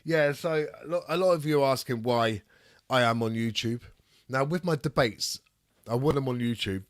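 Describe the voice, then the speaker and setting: A man with a raspy voice from a cold, chatting casually on a live stream and reading chat aloud. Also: medium pitch, no echo, studio quality. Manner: reads chat aloud, rambling and swearing. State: ill with a cold, raspy throat. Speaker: streamer hosting a debate.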